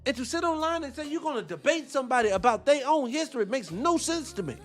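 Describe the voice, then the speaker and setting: A man's voice: very high voice, expressive, fast talker, faint music behind. A man giving heated, profane reaction commentary, firing off rhetorical questions.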